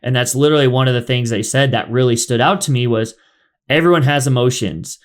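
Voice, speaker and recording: A man's voice: medium pitch, fairly quick. A man hosting a podcast in casual chat, rambling with lots of fillers. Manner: rambling, filler-heavy, chatty. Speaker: podcast host.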